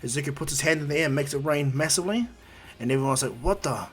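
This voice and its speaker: A man's voice: fairly high pitch, very fast. A man casually retelling a fan-made story, rambling with many fillers and restarts.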